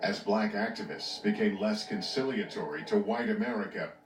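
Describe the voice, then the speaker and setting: Measured male documentary narrator. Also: on the low side, a little hiss or hum. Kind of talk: scripted narration. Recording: roomy, distant mic, music bed.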